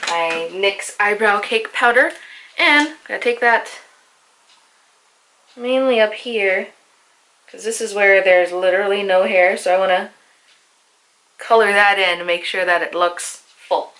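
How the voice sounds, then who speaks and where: A woman's voice: mid-range voice, sharp tone. A young woman talking through her makeup routine in a casual, chatty way, with lots of "like" and self-mocking asides. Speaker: beauty vlogger. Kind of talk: casual makeup tutorial voice-over.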